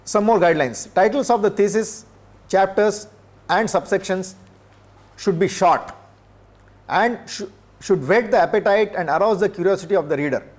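An older man from India, giving a classroom lecture in a measured way, pausing often with filler sounds. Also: sits high. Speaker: professor. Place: lecture room.

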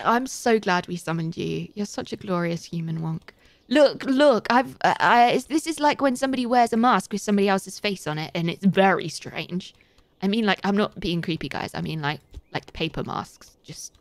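A woman's voice: mid-range voice, no room sound. A young woman giving chatty, giggly live commentary as she plays a game and thanks her viewers. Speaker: live streamer.

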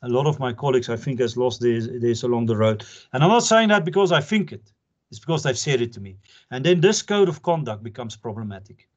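A man's voice: mid-range voice, lively intonation, a little fast, a little mellow. Chatty older man lecturing, lo-fi sound. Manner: chatty, jokey, earnest, laughs often. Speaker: advocate lecturing pupils. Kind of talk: informal lecture with anecdotes. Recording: dull lo-fi lecture recording.

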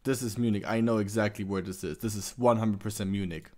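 A man's voice: lowish voice, fairly even intonation, fast, noisy background. A man hosting a reaction video, chatting casually with lots of fillers and restarts. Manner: hesitant, many fillers and restarts.

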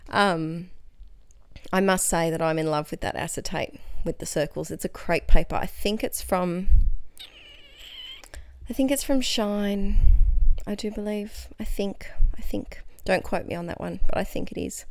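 A woman's voice: lowish voice, a little slow, vocal fry, no echo. A young adult woman teacher chatting through her scrapbooking project as a casual craft voice-over, bubbly and enthusiastic.

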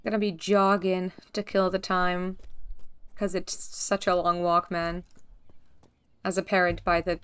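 A woman giving deadpan, darkly joking commentary while she plays a video game and reads its text aloud. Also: on the low side, measured pace, long pauses, clear, resonant tone. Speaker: gaming video creator. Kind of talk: let's play commentary.

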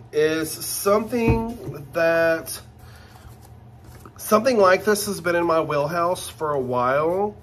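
A man hosting a casual unboxing vlog, gushing and excitable as he talks straight to his viewers. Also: on the high side, a little hiss or hum. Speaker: channel host.

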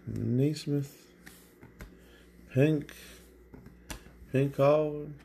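A man's voice: a little high, fairly even intonation, extremely slow, gravelly, dark tone, slight background noise. A man hosting a card break, calling out card names one at a time as he opens packs. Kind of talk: live card-break commentary. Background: crinkling and tearing of packs.

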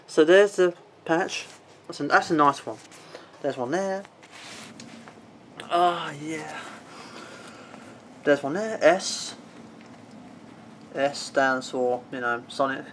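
Guy in his twenties, vlogger, high voice, rambling and sweary. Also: very slow, pauses often, a bit bright, a little hiss or hum. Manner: rambling, many fillers, swears at his pet. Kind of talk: casual show-and-tell vlog.

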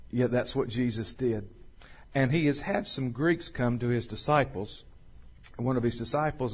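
A man preaching a sermon as pastor, slowing and swelling when he reads scripture. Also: mid-range voice. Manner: folksy, swells louder and slower on scripture.

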